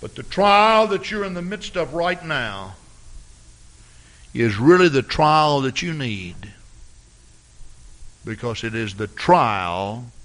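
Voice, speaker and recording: A pastor preaching a sermon with dramatic storytelling and big swings in loudness. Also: male voice, medium pitch, very animated, slow, pauses often.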